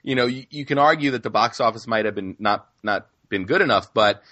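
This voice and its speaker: A man co-hosting a podcast in casual film discussion, talking in halting starts and restarts. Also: fairly low pitch, sharp tone, no echo, dull audio. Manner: halting, many restarts and fillers. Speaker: podcast co-host.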